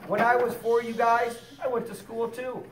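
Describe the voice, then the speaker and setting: A man performing a fire safety show for preschoolers, telling a story in an animated, sing-song way. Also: extremely high pitch, normal speed. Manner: animated, sing-song, talks down warmly to little kids. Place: preschool classroom. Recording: roomy, distant, with children and noise. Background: young children chattering and answering.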